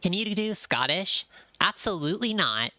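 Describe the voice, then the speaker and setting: A woman's voice: fairly low pitch, animated, normal speed, pushed and bright, no room sound. A woman streamer giving chatty, easily delighted commentary while playing a game. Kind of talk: casual gameplay commentary.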